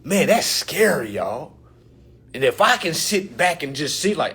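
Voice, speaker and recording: A man ranting to camera in an animated, joking way, loud and slangy, calling out to his viewers. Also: a little high, measured pace, slightly rough.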